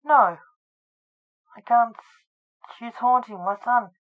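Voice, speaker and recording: A woman reads a bitter middle-aged ghost hunter who snaps his words out short and sharp. He sounds like a storybook father with a grudge, heard through a thin, tinny, phone-like channel. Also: on the high side, slow, voice pushed up. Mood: curt. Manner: curt, irritable.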